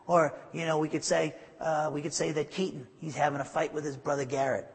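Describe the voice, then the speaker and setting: Emphatic preaching man, husky voice. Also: a little high, brisk, big-room sound. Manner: emphatic preaching with asides and restarts. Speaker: pastor. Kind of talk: sermon.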